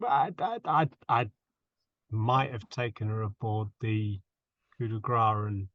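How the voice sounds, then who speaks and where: A man's voice: on the low side, slow, no echo. Joking man on a dull lo-fi line. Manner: joking, crude asides. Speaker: player. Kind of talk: casual banter at a game table.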